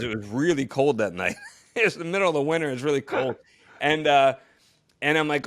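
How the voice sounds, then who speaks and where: A man in casual podcast chat, telling a long story with halting restarts and frequent laughter, acting out the other people he quotes. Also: mid-range voice. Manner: animated storyteller who acts out quotes, laughs often; halting, with many restarts and fillers. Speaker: podcast co-host, former astronaut.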